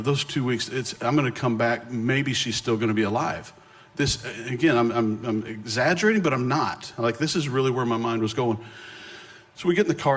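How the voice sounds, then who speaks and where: In a mid-range voice, a middle-aged man visiting as a guest speaker tells a personal anecdote from the pulpit, animated and self-deprecating and quick to restart his phrases.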